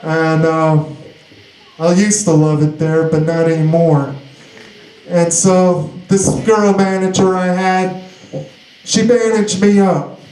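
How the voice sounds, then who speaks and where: Slow, halting man in an echoey room. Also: high-pitched, level tone, a little mellow. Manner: halting, plainspoken, with restarts. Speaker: storyteller. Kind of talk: personal recovery story.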